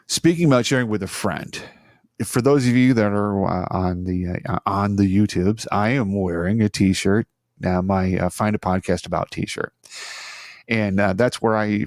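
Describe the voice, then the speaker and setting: A man's voice: sits low, gravelly, darkish tone, dry recording, clean studio sound. A middle-aged man hosting a solo podcast, chatty and self-deprecating, rambling with frequent restarts. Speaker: podcast host. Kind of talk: casual solo podcast talk. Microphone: studio microphone on an arm.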